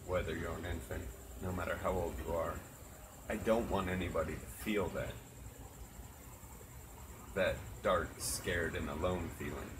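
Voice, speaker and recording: Outdoors at night with crickets chirping loudly in the background, a low-voiced man chats casually. He speaks earnestly and reflectively, swearing freely, with background noise present.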